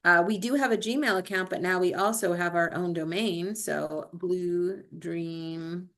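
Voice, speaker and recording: A woman's voice: on the low side, a little slow, a bit bright. A woman club president walking a meeting through a chartering form, talking casually with fillers and self-corrections. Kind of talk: instructional walkthrough, screen-share presentation. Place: video call or recorded meeting.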